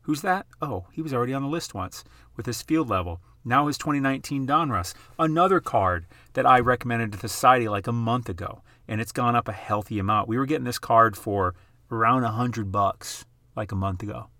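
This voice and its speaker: A man hosting his own channel, chatting casually over price charts in an excitable, emphatic way, repeating phrases for effect. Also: mid-range voice, brisk, dry recording, clean studio sound. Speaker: YouTube host.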